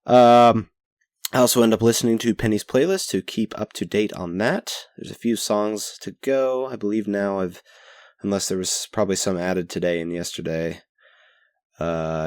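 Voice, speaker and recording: A man's voice: deep voice, moderate pace, darkish tone, clean tone, dry recording, studio quality. A young man hosting a casual spoken-journal podcast, rambling and self-deprecating, swearing casually into a headset mic. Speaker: podcast host. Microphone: headset mic with pop filter.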